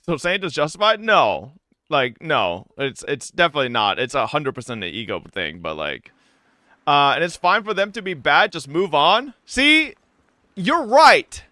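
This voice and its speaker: A man's voice: a little high, big pitch swings, normal speed, pushed and bright, no echo, clean studio sound. A young man streaming, telling a profane gaming story to his chat in a casual ranting way, full of "right?" tags.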